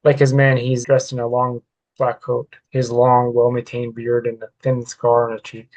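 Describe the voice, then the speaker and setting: A man reads his unfinished story aloud in first person, the pitch held flat and even throughout. He reads plainly, now and then tripping on a word and correcting himself. It sounds like an author sharing a draft rather than a polished narration. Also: normal speed, rough recording. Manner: plain reading with occasional stumbles and self-corrections. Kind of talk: reading a work-in-progress story aloud.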